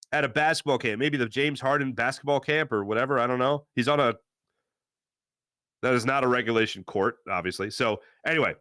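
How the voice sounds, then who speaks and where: A man hosting a sports talk show, ranting with strong opinions and swinging between low grumbles and loud outbursts. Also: dry recording, clean studio sound. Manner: mocking put-on fan voice at times. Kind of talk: opinionated sports radio rant.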